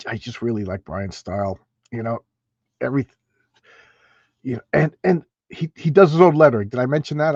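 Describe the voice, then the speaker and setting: Male streamer, mid pitch, chatty and emphatic with many restarts, slightly dull, dry home audio. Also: darkish tone, no room sound. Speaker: comic book channel host. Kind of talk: casual livestream comic review. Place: home room with stacks of comics.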